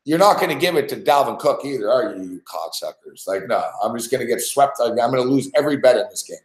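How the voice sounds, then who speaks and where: A man's voice: mid-range voice, quick pace. Guy ranting and cussing at a game he's losing bets on, kinda roomy sound. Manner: frustrated, profane, ranting, repetitive. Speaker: podcast host reacting to a live game. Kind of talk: casual live reaction rant.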